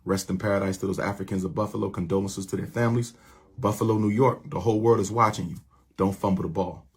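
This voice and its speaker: Very husky man giving a rallying speech. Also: on the low side, fairly even intonation, quick pace, darkish tone. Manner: preachy, repetitive call-and-response phrasing. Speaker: activist speaker addressing his followers. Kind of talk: impassioned rallying address.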